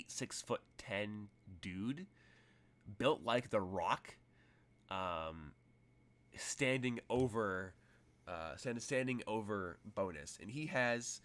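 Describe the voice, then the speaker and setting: A man's voice: fairly low pitch, fairly bright tone. A man narrating as game master in a tabletop role-playing game, rambling through vivid, detailed scene descriptions.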